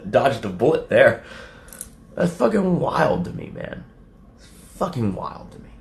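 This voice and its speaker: A young adult man streaming casually to his chat, profane and rambling, laughing often and acting out quotes in a high mocking voice. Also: big pitch swings, slow pace, vocal fry, reverberant, slight background noise. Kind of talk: casual livestream talk to chat.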